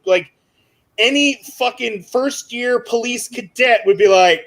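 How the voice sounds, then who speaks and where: High-voiced young man telling a story. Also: unhurried. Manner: animated storytelling, heavy swearing. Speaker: panelist. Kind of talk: casual chat.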